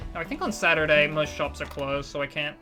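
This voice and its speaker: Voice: medium pitch, moderate pace, music in the background. A streamer chatting casually and rambling while playing a game, self-deprecating and often restarting sentences. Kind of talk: casual live-stream chat while gaming.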